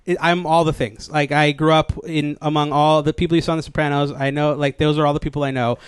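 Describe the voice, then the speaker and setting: A man's voice: on the high side, flat delivery, fast talker. A man doing a stand-up set on a live stage, rambling with lots of likes and restarts and laughing at his own jokes. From New Jersey, USA. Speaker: stand-up comedian. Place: comedy stage before a live audience. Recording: live stage mic with audience noise.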